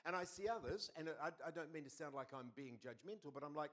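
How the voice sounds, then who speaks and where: Animated New male pastor preaching. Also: fairly high pitch, quick pace, hardly any pauses. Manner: animated storytelling with quoted voices. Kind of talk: sermon.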